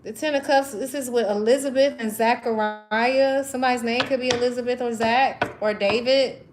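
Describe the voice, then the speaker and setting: A woman's voice: a little high, fairly even intonation, normal speed, background noise. Emotional woman giving a tarot reading. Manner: effusive, exclaiming, emotional. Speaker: tarot reader.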